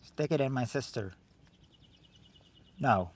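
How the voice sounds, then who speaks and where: A man hosting a game show game on a livestream, joking with viewers in chat and loudly repeating the answers. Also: medium pitch, lively intonation, slow. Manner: jokey and teasing, calls out answers loudly and repeats them. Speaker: livestream host running a family game show game. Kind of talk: casual livestream chat, reading viewers' guesses.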